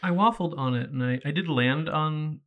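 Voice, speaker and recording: A man's voice: a little high, normal speed, narrow, tinny audio. A man in his thirties from Virginia co-hosting a podcast, musing and a bit hesitant in casual chat. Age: 30s. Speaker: podcast co-host.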